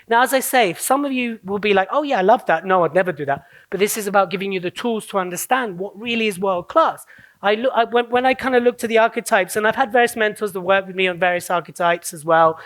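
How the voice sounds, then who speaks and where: Man, stage speaker, playful, energetic, audience check-ins. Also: high-pitched. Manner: playful, energetic, slips into quick mock voices. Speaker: public speaking coach on stage. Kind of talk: live keynote talk to an audience. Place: conference stage.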